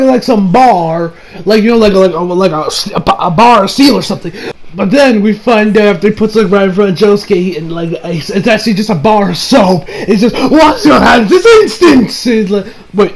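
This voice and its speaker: A man with a very high, gravelly voice recaps an anime episode in loose casual chat. He gets excitable, swears freely and keeps cracking up with laughter. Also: moderate pace, low-quality recording. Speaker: anime reviewer.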